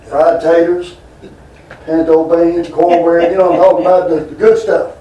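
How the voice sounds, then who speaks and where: A man's voice: fairly high pitch, flat delivery, moderate pace, mellow, distant mic, lo-fi sound. A man preaching a folksy, rambling sermon full of homespun stories and asides to his congregation. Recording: roomy hall, voice from off mic.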